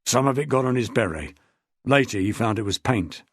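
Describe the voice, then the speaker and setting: A man's voice: mid-range voice, animated, moderate pace, dry recording, clean studio sound, pitched below the performer's own voice, close to an everyday voice. A man voicing a polite junior police inspector. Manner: polite, respectful, matter-of-fact. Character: deferential male police inspector, loyal junior officer. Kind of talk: audiobook character voice.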